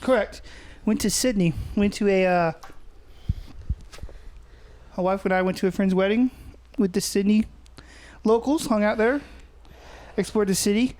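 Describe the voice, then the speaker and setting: A man's voice: high voice, fairly even intonation, measured pace, pauses often, a little mellow. A man co-hosting a podcast in casual chat, rambling and swearing freely. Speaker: podcast co-host.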